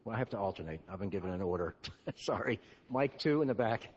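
A man moderating audience questions at a conference, brisk and apologetic as he hurries speakers along. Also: lowish voice, animated, a little mellow, highs cut off. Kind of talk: chairing a Q&A. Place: large conference hall.

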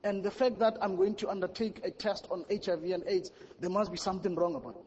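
A man's voice: sits high, fairly even intonation, fast talker, darkish tone, in a large hall, lo-fi sound, slight background noise. A man speaking as a media panelist at a conference, telling a personal story in an earnest, emphatic way. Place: large conference hall.

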